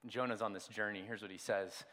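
With a lowish male voice and fairly even intonation, a pastor preaches a little fast. His sermon alternates between hushed, personal moments and loud emphasis, and he asks the congregation rhetorical questions.

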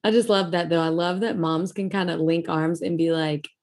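A young adult woman hosting a casual podcast chat, enthusiastic and quick to affirm. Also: lowish voice, steady tone, a little mellow. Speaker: podcast host.

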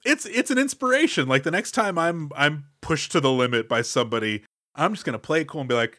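A man co-hosting a movie podcast, his pitch swinging up and down as he jokes his way through plot recaps. He speaks into a podcast mic and sounds dry and close, with no room around him. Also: fast talker, no room sound. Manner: animated, jokey, recaps plot with playful asides. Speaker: podcast co-host. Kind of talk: casual movie podcast chat.

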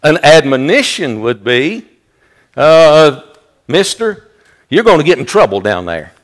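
A man pastor preaching a sermon, rising loud and high when he quotes a rebuke. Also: big pitch swings, measured pace, pauses often.

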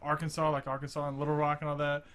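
A man chiming in on a podcast with short, quick remarks in casual banter. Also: fairly high pitch, completely flat delivery, a crowd in the background.

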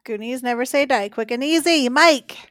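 A woman hosting a casual podcast, briskly calling on panelists and tallying votes. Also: sits high, fairly bright tone, no room sound, clean studio sound. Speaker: host running a movie bracket.

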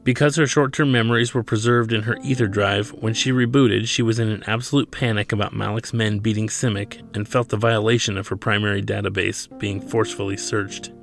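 Low, gravelly male author reading aloud. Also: soft background music. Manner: steady, measured storytelling. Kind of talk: reading his novel aloud.

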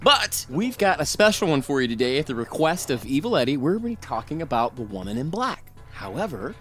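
Chatty podcast guy, super expressive, talks movies, faint music. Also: a little high, fairly quick. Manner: animated, chatty, laughing often. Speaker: podcast host. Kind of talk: casual chat.

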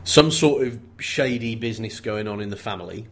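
Male co-host, husky and low, dry joker. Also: fairly quick. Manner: wry, joking, playful sarcasm. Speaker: podcast co-host. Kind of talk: casual chat about a mystery novel.

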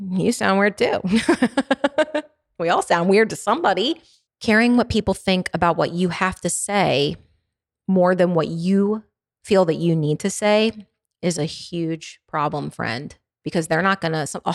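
A woman with a Baltimore accent talks straight to her listeners in an earnest, faith-driven pep talk. Her voice sits a little low, and she repeats her points and stumbles into restarts. The sound is dry and close, with no room around it. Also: vocal fry, dry recording. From Baltimore, USA. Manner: earnest, emphatic, repeats phrases for effect; stumbles and restarts, laughs between thoughts. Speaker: podcast host. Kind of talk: motivational faith-based monologue.

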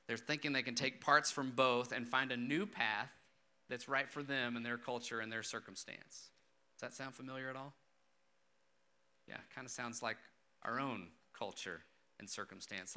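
A man's voice: medium pitch, bright, forceful tone. A man preaching a sermon and reading scripture aloud, in a conversational way that puts rhetorical questions to the listeners.

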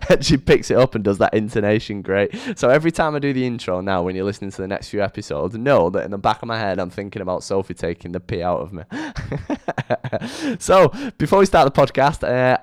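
A young man hosting his own podcast, chatting casually with a rambling, lively intonation into a microphone. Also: fairly low pitch, smooth, no room sound, studio quality. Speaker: podcast host. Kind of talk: casual solo podcast monologue. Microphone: studio microphone.

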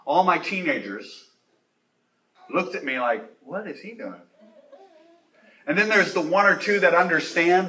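A young man preaching a sermon, telling youth ministry stories and then rising to loud, emphatic passages on scripture. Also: a little high. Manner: animated preaching, speeds up and slows for emphasis, rises to loud exclamations. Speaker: pastor.

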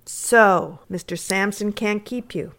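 A woman's voice: mid-range voice, takes it slowly, a bit bright. Woman doing a hearty, teasing old doctor. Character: gruff, kindly older male doctor.

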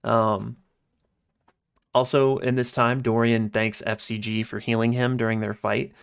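A man co-hosting a podcast, recapping a story episode in a loose, casual way with many pauses and quoted lines. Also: medium pitch, flat delivery, creaky, smooth.

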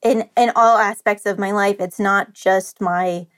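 A woman's voice: mid-range voice, fairly even intonation, unhurried. A woman talking candidly as a podcast guest, open and emotional, rambling with restarts and the odd curse. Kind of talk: candid casual chat.

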